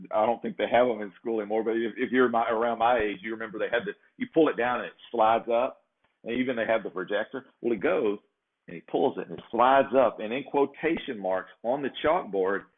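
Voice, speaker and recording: A man hosting a show, telling a long casual story and often tagging "right?" onto his sentences. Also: mid-range voice. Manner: rambling, peppers sentences with "right?". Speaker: show host. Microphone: checks own sound setup. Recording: phone-like narrow sound.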